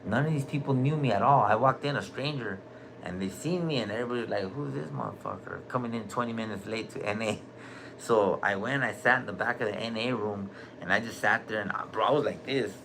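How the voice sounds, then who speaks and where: A man's voice: on the low side, a little fast, vocal fry, fairly bright tone, slight background noise, rough recording. A middle-aged man telling his own story in casual talk, candid and streetwise, saying "bro" a lot and swearing freely. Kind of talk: casual recorded conversation. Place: hospital room.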